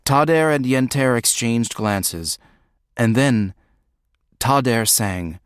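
Brief: male audiobook reader, slow, dry close studio sound. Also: medium pitch, clear, resonant tone, no room sound. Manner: measured, reflective. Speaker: audiobook narrator. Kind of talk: first-person audiobook narration.

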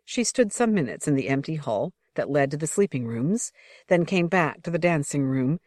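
Woman audiobook narrator, low-pitched, measured, dry close sound. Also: big pitch swings, a little mellow, no room sound.

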